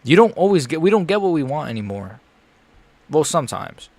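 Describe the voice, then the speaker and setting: A young man reacting live to a fight he is watching, frustrated and ranting, dropping to mutters and rising to yells. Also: a little high, sing-song, fairly quick, dry recording. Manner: frustrated, swings between muttering and yelling.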